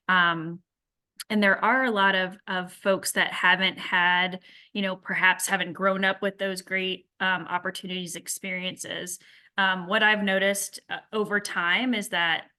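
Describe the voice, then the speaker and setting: A woman's voice: fairly low pitch, level tone, unhurried, pushed and bright. A middle-aged woman from a school speaking conversationally to parents at a workshop, with many fillers and restarts. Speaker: school staff member.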